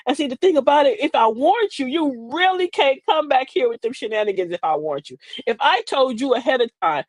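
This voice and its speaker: A woman's voice: high voice, animated, brisk, hardly any pauses, dry recording. An older woman, hosting a comedic livestream, telling stories with quoted voices and frequent laughter. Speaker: livestream host.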